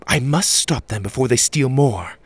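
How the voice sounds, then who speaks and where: A man's voice: mid-range voice, lively intonation, normal speed, slightly rough, dry recording, pitched above the performer's own voice. A man voicing a polite but guarded woman who guards a temple, in a storybook reading, speaking formally and curtly. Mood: warning. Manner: formal, clipped speech.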